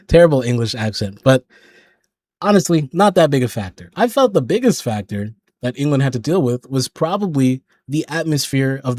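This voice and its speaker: A man's voice: medium pitch, no echo, clean studio sound. Opinionated man recapping a football match. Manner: animated, opinionated, sometimes exasperated. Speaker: football channel host.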